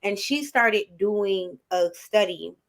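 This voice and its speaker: A woman's voice: mid-range voice, slow. A woman guest in a casual podcast chat, talking earnestly about her clients and acting out what they say. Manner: earnest, animated, acts out client quotes. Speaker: guest who counsels clients.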